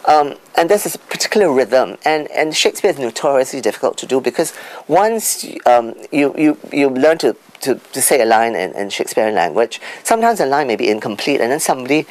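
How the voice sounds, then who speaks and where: Animated, didactic man explaining pronunciation. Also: medium pitch, fairly quick, few pauses, poor audio. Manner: didactic, sounds out word stress as examples. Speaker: expert guest on pronunciation. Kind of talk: interview answer.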